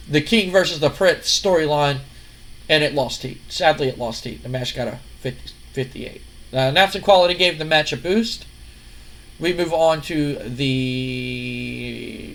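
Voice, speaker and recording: A man's voice: fairly high pitch, fairly bright tone. A man casually narrating a wrestling booking game, full of fillers. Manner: retelling story, many fillers. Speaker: game streamer. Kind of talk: casual let's-play narration.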